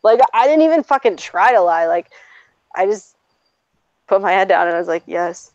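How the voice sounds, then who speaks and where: In a medium-pitched, darkish voice with lively intonation, a woman in her twenties talks fairly quickly through personal stories and casual chat. She's blunt, swears freely and often laughs. The audio has no echo and comes across dry and a touch dull.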